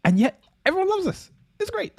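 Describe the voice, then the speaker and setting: A man's voice: extremely high pitch, very animated, a little fast, a little mellow, pitched above the performer's own voice, exaggerated voice. A man playing a breezy, oblivious young prince. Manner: cheerful, oblivious boasting. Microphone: video call.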